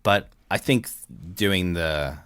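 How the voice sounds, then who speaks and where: A man's voice: low voice, takes it slowly, a bit bright, smooth, no room sound, studio quality. A middle-aged Australian man with an Australian accent, chatting casually as a voice-actor guest, laughing often and restarting his sentences. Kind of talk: casual interview chat.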